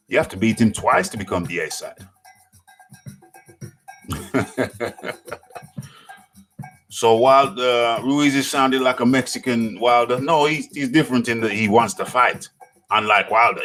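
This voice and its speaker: Joking man hosting a boxing show. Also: mid-range voice. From United Kingdom. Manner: animated, joking, laughs often, reads viewer comments. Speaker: boxing talk show host. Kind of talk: live call-in chat.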